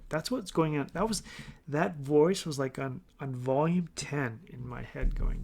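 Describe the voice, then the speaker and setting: A man's voice: fairly high pitch, unhurried, vocal fry, darkish tone, a little hiss or hum. A middle-aged man hosting a casual motivational podcast, talking earnestly and rambling with restarts. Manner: earnest, rambling with restarts, acts out his inner voice. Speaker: podcast host.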